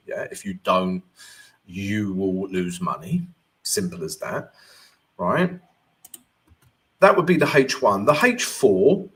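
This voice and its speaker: A man's voice: medium pitch, a bit bright. A man hosting a live-stream Q&A as a forex trading coach, chatty and jokey, constantly checking in with "right?".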